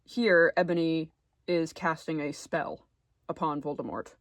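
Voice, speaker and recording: A man's voice: fairly high pitch, steady tone, unhurried, no room sound. Chatty man in a dry recording. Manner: chatty, filler-heavy, trailing off quietly at phrase ends. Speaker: video essay creator. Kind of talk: casual commentary video essay.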